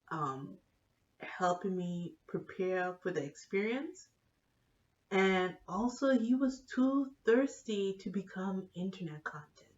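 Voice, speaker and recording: A woman telling a comedic, profane story in an animated vlog style. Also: medium pitch, dull audio. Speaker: vlogger.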